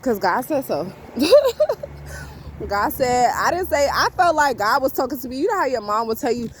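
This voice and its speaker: A woman's voice: high voice, sing-song, normal speed, a little hiss or hum. A woman vlogging on a street, giving casual spiritual advice with emphatic repetition and frequent laughter. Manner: emphatic, repeats herself, laughs often. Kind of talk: casual faith talk to camera. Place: outdoors on a street.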